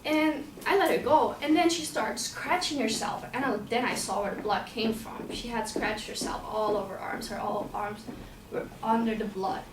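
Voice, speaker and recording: A woman's voice: on the high side, moderate pace, noisy background. A woman telling a personal story in a casual, plain-spoken way, repeating herself and sometimes swearing. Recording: roomy sound from a distant mic, faint ambience.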